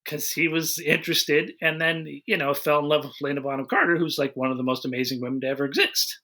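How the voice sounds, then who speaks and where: Blunt male podcast host, bright slightly high tone, dry sarcasm. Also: fairly even intonation, fast. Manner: blunt, sarcastic, acts out quotes. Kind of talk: casual comedic chat.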